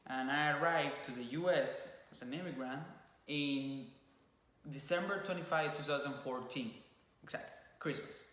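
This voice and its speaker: A man's voice: medium pitch, normal speed. A man in his twenties from Cuba with a Cuban Spanish accent, casually telling his story and slipping into Spanish words. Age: 20s. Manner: relaxed, loose storytelling with Spanish slips. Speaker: vlogger. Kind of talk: casual chat. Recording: very echoey room.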